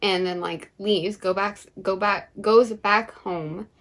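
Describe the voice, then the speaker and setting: A woman's voice: mid-range voice, steady tone, slow pace, fairly bright tone. A young woman co-hosting a book vlog, chatting casually with lots of fillers and frequent laughs. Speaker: book vlogger co-host. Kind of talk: casual chat.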